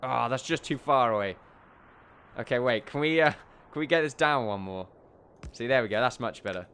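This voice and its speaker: A man's voice: medium pitch, moderate pace, a bit bright, slight background noise. Chatty man narrating gameplay. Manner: chatty, rambling, jokey asides. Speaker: gameplay commentator. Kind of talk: let's play commentary.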